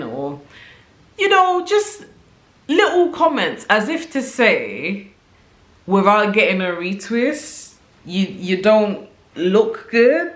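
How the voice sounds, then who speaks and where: A woman at a middle pitch talks things through for her channel, thoughtful and chatty. She keeps checking in with the viewer as she goes. The room around her rings with echo. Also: very animated, takes it slowly. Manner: reflective, conversational, often tags "right?" and "you know". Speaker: vlogger sharing opinions. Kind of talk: casual talk to camera.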